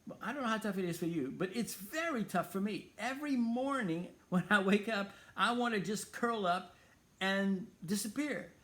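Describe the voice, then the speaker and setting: A man's voice: high-pitched, a bit bright. A man hosting a Christian talk show, speaking earnestly and emphatically as he reasons aloud.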